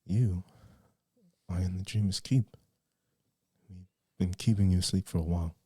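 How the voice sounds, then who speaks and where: A blunt adult male keeper, as a game master puts him on, speaking in a low, brisk and casual way. He is matter-of-fact, with a slightly raised voice. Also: fairly even intonation, mellow, breathy edge, no room sound, studio quality.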